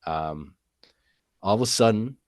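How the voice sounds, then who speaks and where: Male guest, very low voice, dry close sound, rambling storyteller. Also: lively intonation, unhurried, dry recording. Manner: rambling, many fillers and "and stuff". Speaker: guest telling an encounter story. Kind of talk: casual storytelling.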